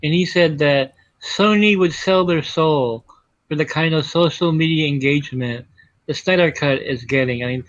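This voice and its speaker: A man's voice: fairly high pitch, normal speed, muffled recording. A man telling anecdotes with amusement as a panel guest on a casual chat.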